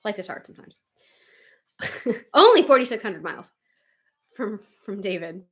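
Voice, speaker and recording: A woman hosting a livestream, chatting casually with viewers and reading their comments, animated and quick to laugh. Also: medium pitch. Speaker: livestream host.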